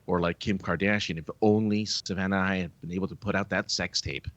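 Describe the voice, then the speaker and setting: A man co-hosting a podcast in casual chat, animated and laughing often, with lots of fillers. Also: deep voice, fairly quick, no room sound, lo-fi sound. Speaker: podcast co-host.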